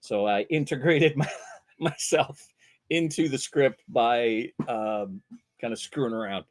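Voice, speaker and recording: A man from Vancouver, a voice actor telling casual, animated anecdotes and bursting into loud character voices. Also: medium pitch, measured pace. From Vancouver, Canada. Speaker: voice actor guest.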